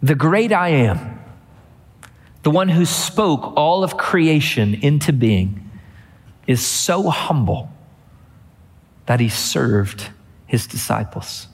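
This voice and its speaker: A man's voice: fairly high pitch, lively intonation, slow pace, pauses often, slightly rough, long reverb tail. A middle-aged man preaching a sermon as pastor, telling a family story and building to emphatic repeated refrains.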